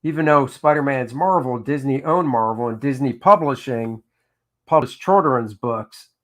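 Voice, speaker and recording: A man's voice: mid-range voice, moderate pace. An older man who inks comics, casually telling stories of his work on a live drawing stream and reading out viewer comments. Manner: chatty anecdotal storyteller, reads out chat comments. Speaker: comic book inker hosting a drawing stream.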